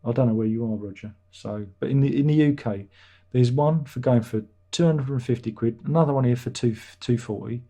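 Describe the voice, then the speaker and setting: A man's voice: mid-range voice, a little fast, warm tone. A middle-aged British man hosting a livestream, casually answering viewer chat with dry jokes and chuckles. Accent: British English. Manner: chatty, dry jokey asides, chuckles. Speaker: livestream host reading chat.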